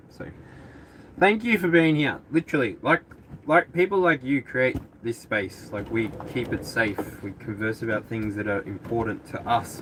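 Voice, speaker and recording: A man's voice: mid-range voice, slight background noise. A man hosting a live tarot reading stream, chatting casually with viewers, rambling and laughing often. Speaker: tarot reader.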